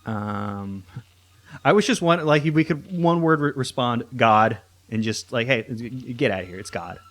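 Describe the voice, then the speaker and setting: A man's voice: mid-range voice, normal speed, a bit bright. A young man giving casual gameplay commentary, rambling and thinking aloud with lots of restarts. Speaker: let's play host.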